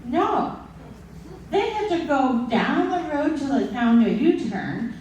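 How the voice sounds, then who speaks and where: Slow comic woman storyteller in her 60s. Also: high voice, big pitch swings, darkish tone, a little hiss or hum. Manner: slow, comic, with dramatic pauses. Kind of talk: live personal storytelling. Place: stage at a live story slam. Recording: very echoey hall, distant mic.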